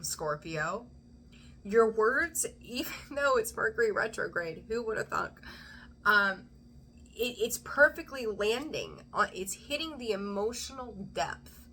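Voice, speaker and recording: A middle-aged woman giving a casual tarot reading, chatty and rambling, easily excited and laughing often. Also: mid-range voice, a little hiss or hum. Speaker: tarot reader.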